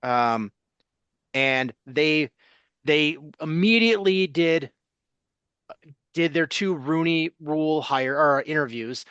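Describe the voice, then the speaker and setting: A man co-hosting a sports talk podcast, speaking bluntly and casually, listing names in a steady run. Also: on the high side, slow pace, pauses often, clean tone, no echo.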